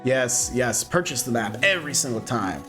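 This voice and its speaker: A man's voice: medium pitch, expressive, moderate pace, over music. A man streaming a video game, chatting casually with playful, reactive commentary.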